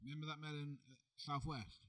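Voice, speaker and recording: Fast, bright-voiced man joking around. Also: on the high side, recorded from a distance. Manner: playful, excitable, swears. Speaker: podcast co-host, wrestler. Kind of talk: casual banter.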